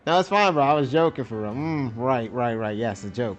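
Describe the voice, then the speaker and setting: A man's voice: mid-range voice, brisk, dull audio, soft background music. A young man streaming a video game, joking and laughing casually as he plays. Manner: joking, laughs, says bro a lot. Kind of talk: casual gaming stream commentary.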